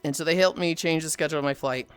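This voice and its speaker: A woman livestreaming while walking, telling a story casually to chat, animated and swearing freely. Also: deep voice, very fast, clear, resonant tone, faint music behind.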